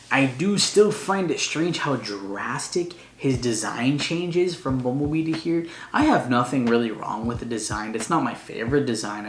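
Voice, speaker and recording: Male movie reviewer, mid pitch, gushing fan energy, echoey room. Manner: gushing, excitable fan talk with slang. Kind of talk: casual spoiler review. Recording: roomy echo, faint noise.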